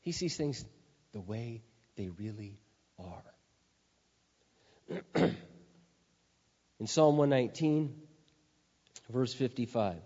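A middle-aged male pastor preaching a sermon, forceful and emphatic, dropping to quiet intensity at times. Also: medium pitch, breathy edge. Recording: dull sound with long hall reverb.

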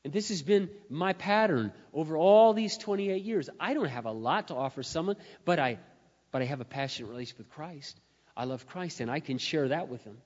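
A man preaching a sermon in a church, telling stories and building to loud, emphatic peaks. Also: fairly high pitch, expressive, brisk. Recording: dull sound with long hall reverb.

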